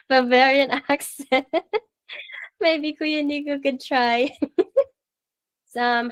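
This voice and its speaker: Female radio host; relaxed slow delivery, bright upbeat manner. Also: a little high. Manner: cheerful, laughs often. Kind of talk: live radio talk show.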